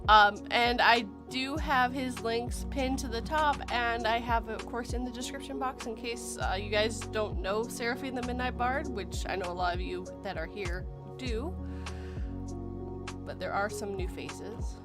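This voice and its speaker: A woman hosting a casual livestream chat, cheerful and quick to laugh as she greets viewers. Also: on the high side. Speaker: podcast host. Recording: faint music behind.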